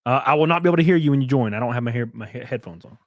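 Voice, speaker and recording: A man's voice: mid-range voice, very fast, no room sound, studio quality. Casual swearing male streamer. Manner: loose, swearing, talking to chat while setting up. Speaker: host. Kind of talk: casual livestream chat.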